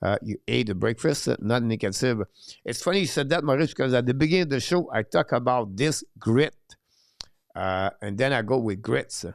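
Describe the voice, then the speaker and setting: A French-accented man hosts a live hockey watch-along and answers viewer questions in halting English, pausing often on filler sounds. His voice sits in a middle pitch. The recording is dry, with no room echo. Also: lively intonation, gravelly. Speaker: live show host.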